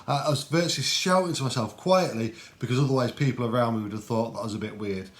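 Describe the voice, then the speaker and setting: A man with a mid-range voice talks earnestly in a casual devotional style. He speaks in a reflective, personal way, often pausing with ums and restarting his sentences. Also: mid-range voice. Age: adult. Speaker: Christian video host.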